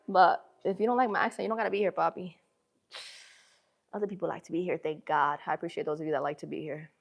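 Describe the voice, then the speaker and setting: A woman with a northern city accent chats to her livestream viewers from the gym, loose and slangy. Her voice sits a little low for a woman. She talks straight to the camera like she's talking to friends. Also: steady tone, fast, creaky, pauses often. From northern United States. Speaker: livestream host. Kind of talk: casual livestream chat. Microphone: phone camera.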